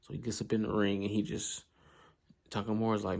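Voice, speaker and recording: A man casually recapping an anime in a relaxed, slangy way, full of asides and fillers. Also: fairly low pitch, fairly quick, creaky.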